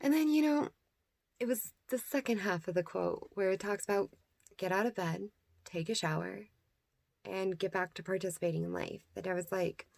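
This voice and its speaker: A woman's voice: mid-range voice, moderate pace, creaky, a little mellow, no room sound. Young woman rambling on her vlog, chatty, laughs a lot, dry close sound. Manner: rambling, chatty, laughs often, drops into whispers. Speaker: vlogger host. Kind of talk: casual self-care vlog.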